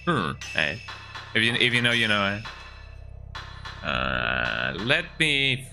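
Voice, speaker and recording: A man's voice: lowish voice, wildly swooping pitch, extremely slow, creaky, music in the background. A young man streaming a horror game, joking around in casual commentary and tagging his lines with "eh?". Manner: playful, jokey, keeps tagging lines with "eh?".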